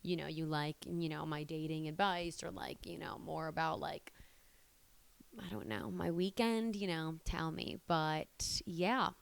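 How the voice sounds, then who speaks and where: A woman's voice: deep voice, steady tone, unhurried, gravelly, clear, resonant tone. A woman in her twenties chatting casually to camera in a rambling, conversational way. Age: 20s. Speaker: vlogger and stand-up comedian.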